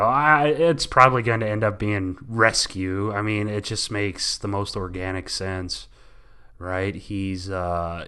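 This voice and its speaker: Rambling low-voiced man with a bright tone. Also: clear, resonant tone. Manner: rambling, self-correcting. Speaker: podcast co-host. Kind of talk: casual chat.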